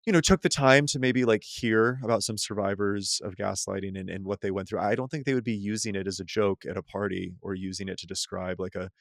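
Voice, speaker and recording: A man, a psychotherapist, talking loosely in a podcast conversation, full of "like" and restarts and quick to laugh. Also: lowish voice, steady tone, gravelly, no room sound, clean studio sound. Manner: loose and rambling, heavy use of "like" and restarts, laughs easily. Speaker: psychotherapist guest.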